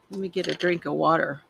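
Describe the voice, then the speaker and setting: A woman's voice: on the low side, gravelly, fairly bright tone, breathy edge. A middle-aged woman hosting a craft livestream, chatting casually and confidingly while she colors, with frequent sighs. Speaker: craft channel host.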